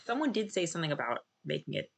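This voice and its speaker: Bright, gravelly-voiced man rambling to chat. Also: fairly high pitch, sing-song, fast. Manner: rambling, self-correcting, musing aloud to chat. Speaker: streamer playing a game. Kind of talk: casual live-stream commentary.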